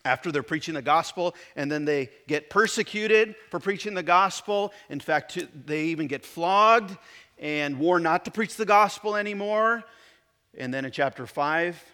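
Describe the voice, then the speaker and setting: A man preaching a sermon in church, reading scripture and explaining it, moving between loud emphatic declarations and quiet asides. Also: fairly high pitch, moderate pace, smooth. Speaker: pastor.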